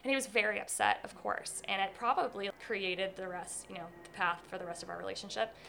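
A woman's voice: mid-range voice, steady tone, fairly quick, creaky, pushed and bright. A young woman telling a personal story in an interview, candid and rambling, full of fillers.

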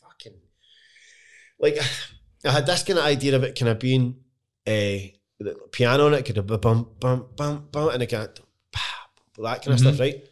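A Scottish man chatting casually as a guest songwriter, stumbling over his words and restarting often, with plenty of swearing. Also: mid-range voice. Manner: halting, many restarts, swears freely. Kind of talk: casual chat.

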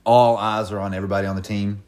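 Profane, animated young man telling stories. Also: lowish voice, fast. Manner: profane, animated storytelling with laughs. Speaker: podcast co-host telling stories. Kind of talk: casual storytelling chat.

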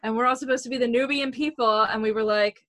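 A young woman chatting casually on a podcast, animated and laughing as she tells stories. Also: fairly high pitch, fast, no echo. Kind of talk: casual chat.

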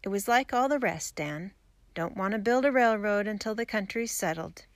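A tired young pioneer man speaks quietly and wearily, as a woman reads him. His tone is resigned, and the voice sounds dry and close. It comes from a storybook reading. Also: medium pitch, animated, normal speed, dry recording, lightly acted. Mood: weary. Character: young male homesteader, weary and earnest.

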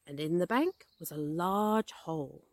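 A woman podcast host reading a children's story aloud, gentle and expressive. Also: fairly low pitch, unhurried, no echo. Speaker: podcast host and English teacher.

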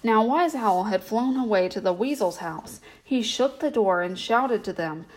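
Storyteller: a woman with a gentle, even bedtime reading voice. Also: mid-range voice, unhurried, hardly any pauses, poor audio.

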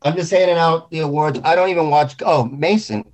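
A man's voice: on the high side, a little fast, darkish tone. A man talking casually about grief, intense and rambling, swearing often. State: grieving. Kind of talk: emotional casual talk.

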